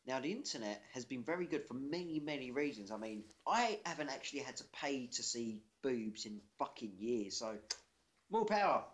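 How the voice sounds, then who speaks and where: A man's voice: mid-range voice, expressive, normal speed. A man co-hosting a casual podcast chat, telling facts and jokes with sweary confidence. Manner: sweary, jokey, confident storytelling. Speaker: podcast co-host.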